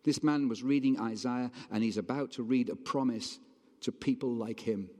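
A man's voice: mid-range voice, moderate pace, mellow. A man preaching a sermon in a conversational, emphatic way, often stopping to ask his listeners questions. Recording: long reverb hall.

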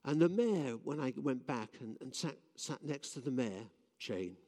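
A man's voice: medium pitch, expressive, measured pace, warm tone. Man preaching in a reverberant church. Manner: earnest storytelling with frequent restarts. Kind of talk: sermon. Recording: long reverb of a church hall.

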